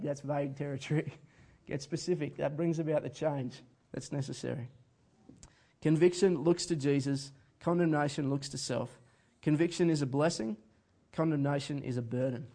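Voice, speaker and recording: A man's voice: fairly high pitch, dark tone. A man preaching a sermon in an earnest, conversational way, often chuckling as he speaks. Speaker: pastor.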